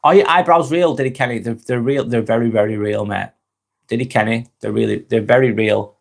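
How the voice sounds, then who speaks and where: A man's voice: medium pitch, fairly quick, vocal fry. A man from England with a Lancashire accent, hosting a casual live stream and answering viewer comments, chuckling often and calling people mate. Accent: Lancashire, North West England.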